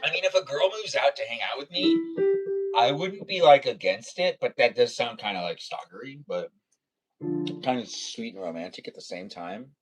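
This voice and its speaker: Playful rambling man, lively sing-song pitch. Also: moderate pace, over loud music. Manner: rambling, playful, jumps between topics; breaks into high squealing calls. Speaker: live streamer. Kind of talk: casual live-stream chat. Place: home studio near a garage.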